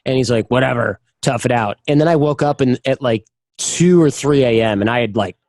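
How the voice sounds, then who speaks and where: A man's voice: medium pitch, fairly quick, darkish tone, no room sound. Man telling candid stories, dry sound. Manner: candid storyteller, acts out quoted voices. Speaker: podcast guest. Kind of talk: casual interview chat.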